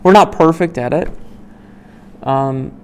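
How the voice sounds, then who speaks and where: A man leading a small Bible study group. He reads scripture aloud, then explains it in a loose, conversational way, asking "right?" often and pausing with "um.". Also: fairly high pitch, a little hiss or hum. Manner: many "um"s and restarts while explaining.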